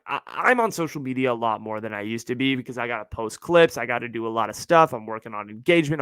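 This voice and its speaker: A young man hosting a podcast, ranting casually with slang and swearing, and jumping into mocking voices. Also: no echo. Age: young adult. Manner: animated, swearing, slangy, jumps into mocking high-pitched voices. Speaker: podcast host. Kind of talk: casual solo rant.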